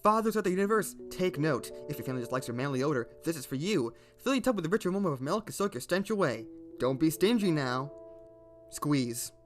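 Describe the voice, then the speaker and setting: A man's voice: a little high, lively intonation, fast, faint music behind. A man narrating a video in a casual, partly unscripted read of game text, playful and rambling, often stumbling and correcting himself.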